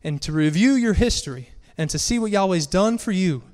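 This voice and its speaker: A man with a high, somewhat mellow voice preaches a sermon at a fairly quick pace, his intonation lively and his voice slightly raised with an earnest, pressing tone. Reading scripture aloud, he builds in force, and a long hall reverb rings behind his words.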